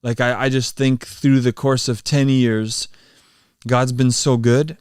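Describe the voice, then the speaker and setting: Earnest guy hosting a livestream, lots of ums, smooth voice. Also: mid-range voice, little pitch movement, takes it slowly, a little mellow, dry recording, studio quality. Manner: earnest, many fillers and restarts. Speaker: channel host and worship drummer. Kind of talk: casual livestream chat and prayer.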